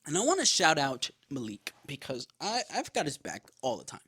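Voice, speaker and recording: A man hosting a podcast, telling a story in a casual, animated way, with lots of swearing and quick asides. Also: a little high, husky. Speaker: podcast host.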